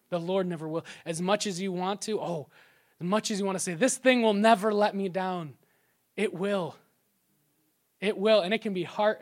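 Man preaching a lively sermon. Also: high voice. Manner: animated storytelling, drops to soft hushed tones for quotes. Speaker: pastor.

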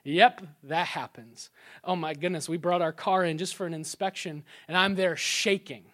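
A young man preaches to his congregation in a fairly high voice. He tells his stories with animated energy. When he quotes someone, he drops to a soft hush. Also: a little fast. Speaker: pastor. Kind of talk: sermon.

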